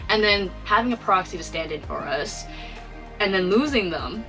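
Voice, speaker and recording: A woman's voice: medium pitch, lively intonation, moderate pace, fairly bright tone, soft background music, poor audio. A young woman in casual chat, adding brief remarks and agreeing.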